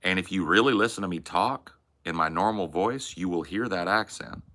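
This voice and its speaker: A man's voice: sits low, normal speed. A man with a Texan accent chatting casually as a podcast host, candid and rambling. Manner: candid, rambling, relaxed drawl. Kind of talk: casual chat.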